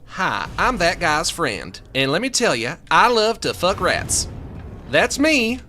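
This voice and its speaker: A man voicing a loud, crude, boastful hick with a drawling, whooping delivery. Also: high voice, huge pitch swings, slow pace, a little hiss or hum, voice pushed up, full character voice. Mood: rowdy.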